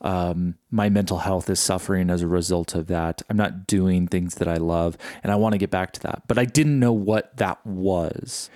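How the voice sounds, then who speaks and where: A middle-aged man reflecting in a casual solo podcast monologue, halting and full of fillers and restarts. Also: low-pitched, steady tone, darkish tone, no room sound, clean studio sound. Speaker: podcast host.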